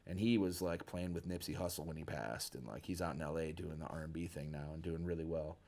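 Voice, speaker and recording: A man from Michigan, a guest musician, telling a story casually in an interview, animated and loose with slang. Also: rumbling low, fast talker. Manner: animated, acts out quoted people with a raised voice, casual slang. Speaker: guest musician, bass player.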